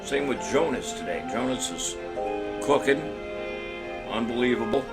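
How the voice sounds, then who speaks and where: A man hosting a loose, jokey trivia stream, his voice sitting in a middle register. He rambles and puns between questions, then slows right down to read each one out, with music playing clearly underneath. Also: mid-range voice, animated. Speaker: trivia show host. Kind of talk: casual live-stream quiz hosting.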